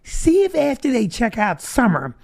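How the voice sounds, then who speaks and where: A man's voice: very high voice, wildly swooping pitch, normal speed, gravelly. A man telling a comic story as host of a live show, laughing through his own jokes. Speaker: comedian host. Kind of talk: comedic storytelling.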